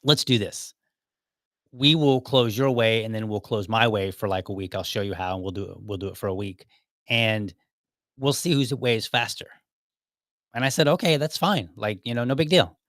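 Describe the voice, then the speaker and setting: A man's voice: on the low side, fairly quick, fairly bright tone, dry recording, studio quality. A man hosting his own podcast, casually telling a personal work story, acting out bits of dialogue and chuckling along the way. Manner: anecdotal, acts out quoted dialogue, chuckles often. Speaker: podcast host.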